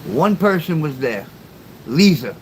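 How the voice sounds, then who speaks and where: A fairly high-pitched middle-aged man speaks at a measured pace on a late-night livestream, talking casually and rambling. He answers viewers by name with sarcasm and free swearing, captured in a low-quality recording with steady background noise.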